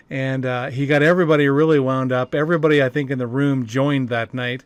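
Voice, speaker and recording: A man's voice: mid-range voice, fairly even intonation, brisk, clean tone, no room sound. A man coaching about network marketing in a rambling, casual way, with many fillers and restarts. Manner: rambling, frequent fillers and restarts, chuckles often. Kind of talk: casual talking-head monologue.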